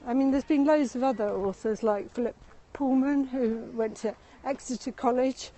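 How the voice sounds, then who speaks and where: A woman's voice: high voice, moderate pace, warm tone, a little hiss or hum, poor audio. A woman giving a live-streamed walking tour outdoors. She is chatty and rambling, laughs often, and is a bit out of breath from walking, talking into a phone she carries. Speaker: tour guide. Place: outdoors in a city meadow and gardens.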